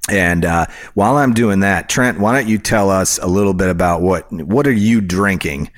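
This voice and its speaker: A man's voice: low voice, moderate pace, no echo, studio quality. A man hosting a podcast, chatting casually over drinks in a rambling way with lots of asides. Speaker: podcast host.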